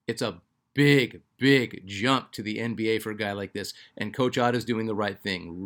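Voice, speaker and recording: A man's voice: fairly low pitch, a bit bright. A man hosting a basketball fan channel, chatting casually and reading out viewer comments, with lots of fillers and restarts. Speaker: sports channel host.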